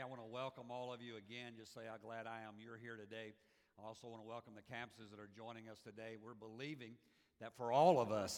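A man's voice: medium pitch, fairly bright tone. A male pastor delivering a sermon in a large church, drawing the congregation in with questions. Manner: preaching with call-and-response questions to the congregation. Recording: long hall reverb from church.

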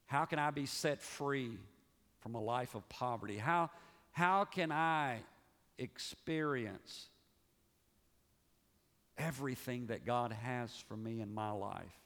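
Male pastor, mid-pitched, dramatic sermon delivery with hushed drops, recorded in a big reverberant sanctuary. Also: takes it slowly, pauses often. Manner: dramatic, swings from raised emphasis to hushed low delivery. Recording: long reverb of a large hall.

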